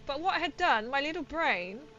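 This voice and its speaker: A woman's voice: sits high, lively intonation, normal speed, bright, forceful tone, muffled recording, faint music behind. A woman streamer chatting casually and rambling as she plays a game, laughing often and reading out viewer comments. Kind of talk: casual livestream chat while gaming.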